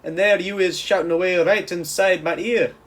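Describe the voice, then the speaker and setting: A man voicing a big friendly old giant who mangles his grammar, loud and booming in places. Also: fairly even intonation, moderate pace, natural voice. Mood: pained, loud. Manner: booming, oddly phrased speech.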